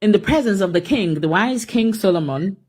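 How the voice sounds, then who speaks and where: A woman retelling a story in a measured, hesitant way, with frequent ums. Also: mid-range voice, expressive, a little mellow, slightly rough. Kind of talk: storytelling commentary.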